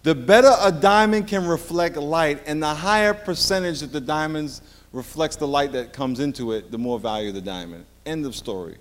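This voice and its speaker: A man's voice: a little high, moderate pace, hardly any pauses. A middle-aged man preaching a sermon as pastor, a playful storyteller who jokes with the congregation.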